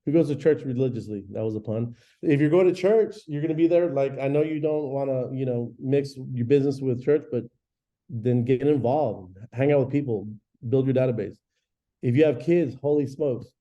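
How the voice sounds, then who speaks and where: Man, forties, real estate class teacher, energetic chatty delivery, deep mellow timbre, muffled lo-fi sound. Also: moderate pace. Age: 40s. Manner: energetic, chatty, acts out phone calls. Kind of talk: live training class talk. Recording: dull lo-fi recording.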